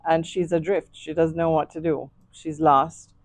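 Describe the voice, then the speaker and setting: A Jamaican woman being interviewed as an author, speaking in a measured, reflective way. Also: deep voice, steady tone, dry recording. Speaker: author guest. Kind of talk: interview conversation.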